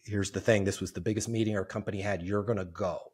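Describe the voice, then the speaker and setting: A man's voice: fairly low pitch, steady tone, fast talker, darkish tone, breathy edge. A man quoting a stern, demanding sales boss. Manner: stern, giving orders.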